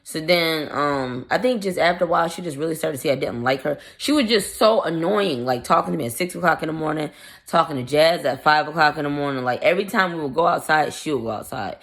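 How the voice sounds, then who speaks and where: A woman vlogger casually tells a story in a blunt, profane, irritated way, animatedly acting out the quoted dialogue. Her voice sits low and moves fast.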